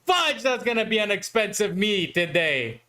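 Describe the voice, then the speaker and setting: A man's voice: high-pitched, sing-song, normal speed, pushed and bright. A man streaming live futures trading who talks to himself, swears and pleads with the market, exasperated at his own mistakes. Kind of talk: live trading commentary to viewers.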